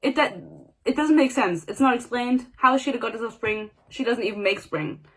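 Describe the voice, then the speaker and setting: A woman's voice: a little high, brisk. Sarcastic young woman ranting about a book. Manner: sarcastic, profane, exasperated. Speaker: book reviewer. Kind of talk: casual book rant.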